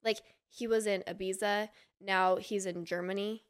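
A woman's voice: mid-range voice, steady tone, moderate pace, clear, resonant tone. A woman from Utah, a podcast guest, telling a long gossipy story in casual chat and acting out the people she quotes.

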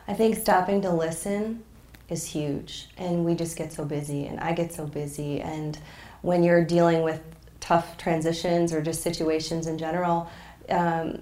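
A woman's voice: deep voice, fairly even intonation, a little slow, warm tone, reverberant. A woman guest on a faith podcast, talking in an earnest, reflective way and getting emotional as she shares. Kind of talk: casual faith conversation.

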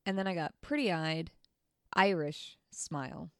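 A woman co-hosting a podcast, chatting playfully and reading song lyrics aloud slowly and deliberately. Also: on the low side. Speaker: podcast co-host.

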